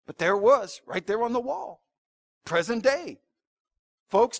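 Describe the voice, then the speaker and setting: A man's voice: very high-pitched, expressive, unhurried, fairly bright tone. A man. He talks to the congregation in a conversational way, telling stories and pushing his points with sudden emphatic rises. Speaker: pastor. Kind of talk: sermon. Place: church sanctuary.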